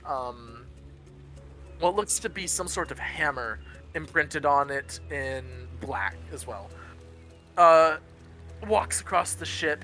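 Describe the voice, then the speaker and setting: A man's voice: fairly high pitch, bright, forceful tone. A man narrating as game master of a tabletop game, describing scenes in a rambling, self-correcting way.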